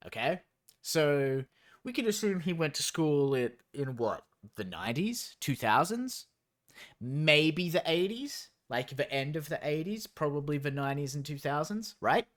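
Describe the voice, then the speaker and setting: A man's voice: a little high, big pitch swings, unhurried, a bit bright. A young man streaming as he reads a story aloud, breaking off into incredulous, profane, sarcastic asides.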